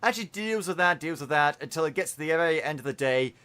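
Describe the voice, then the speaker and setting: Lively, bright-voiced man ranting on a podcast. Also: a little high, quick pace, clear, resonant tone. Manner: animated, swearing, exaggerated retelling. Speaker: podcast host. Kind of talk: casual podcast review.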